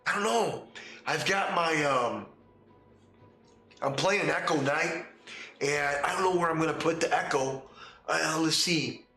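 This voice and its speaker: A man's voice: fairly high pitch, measured pace, pauses often, sharp tone, echoey room, faint music behind. A man voicing a flustered, indecisive male tabletop player who hesitates and fumbles with fillers. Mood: dithering.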